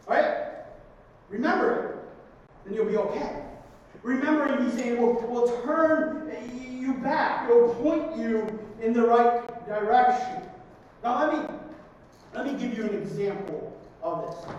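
Captured from a distance in an echoing church sanctuary with a little background noise, this pastor preaches conversationally and keeps ending points with "right?" His mid-range voice is slightly mellow, his pace measured with frequent pauses, and the audio sounds dull.

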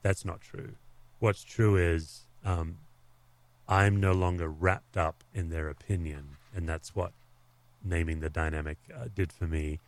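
A man with a low-pitched voice talks through his own experiences in a candid, reflective manner. His speech carries a pastor's easy conversational rhythm. The sound is dry and close, with no room echo. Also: fairly even intonation, measured pace. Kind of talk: podcast conversation.

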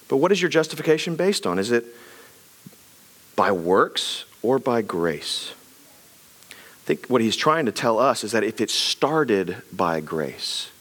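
A middle-aged pastor preaches in a loose, conversational way and fires off one rhetorical question after another. His voice sits fairly high for a man and swings up and down in lively arcs. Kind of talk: sermon.

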